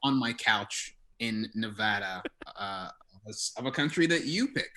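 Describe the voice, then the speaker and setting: A man playing a deadpan, rambling college drug dealer turned drummer on an improvised comedy podcast. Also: fairly low pitch, normal speed, slight background noise. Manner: rambling, deadpan tall tales. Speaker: guest playing a character.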